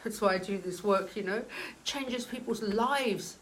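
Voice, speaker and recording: A woman's voice: mid-range voice, unhurried, fairly bright tone, a little hiss or hum, low-quality recording. Brief: earnest woman medium, casual storytelling, hesitant and emotional. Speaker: spiritual medium.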